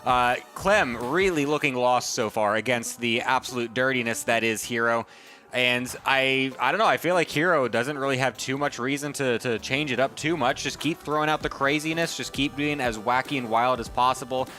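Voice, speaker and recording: A man casting a live esports match, energetic and chatty, laughing often. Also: mid-range voice, moderate pace, soft background music. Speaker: esports caster. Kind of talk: live game commentary.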